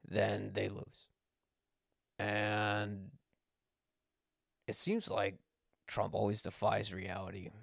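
A man's voice: lowish voice, vocal fry, dry recording, studio quality. A man hosting a podcast, speaking an unscripted personal monologue, blunt, swearing when angry and correcting himself as he goes. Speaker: podcast host.

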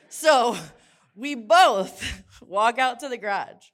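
A middle-aged woman preaching in church, telling a lively personal story and acting out the dialogue in hushed and excited voices. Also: lowish voice, moderate pace. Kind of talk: sermon with storytelling.

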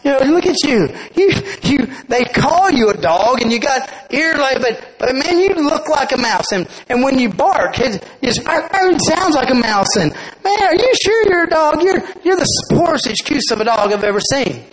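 A man's voice: extremely high pitch, big pitch swings, normal speed, hardly any pauses, pitched above the performer's own voice, rough recording. A man voicing a big male dog who taunts a small dog, laughing at him. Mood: mocking.

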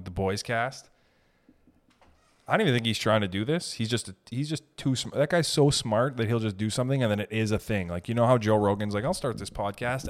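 A young man hosting a solo comedy podcast, talking in a rambling, profane, argumentative way. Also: lowish voice. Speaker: podcast host.

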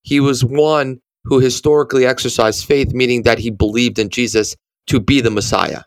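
A man's voice: medium pitch, fairly even intonation, normal speed, dry recording. Earnest man teaching scripture. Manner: earnest, many restarts. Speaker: ministry podcast co-host. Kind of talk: conversational Bible teaching.

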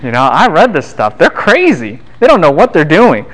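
A man's voice: fairly high pitch, sing-song, a little fast, poor audio. Casual joking male lecturer. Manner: casual, quips and acts out voices of students and scholars. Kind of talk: classroom lecture. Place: university classroom.

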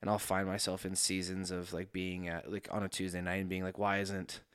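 A man's voice: low-pitched, completely flat delivery, a little fast, smooth, dry recording, studio quality. A man who is a pastor, talking about his faith in an earnest, reflective, casual way. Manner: reflective, earnest, thinking aloud.

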